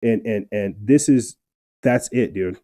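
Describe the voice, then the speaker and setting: Fired-up man with a dark voice. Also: on the low side, unhurried. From New Mexico, USA. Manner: fired-up, repetitive restarts. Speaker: podcast host. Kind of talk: political commentary, reading articles aloud.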